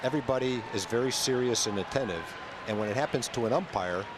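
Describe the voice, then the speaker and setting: A man's voice: mid-range voice, quick pace. A man giving color commentary on a baseball broadcast, earnest and explanatory. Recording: very loud crowd and noise behind. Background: ballpark crowd.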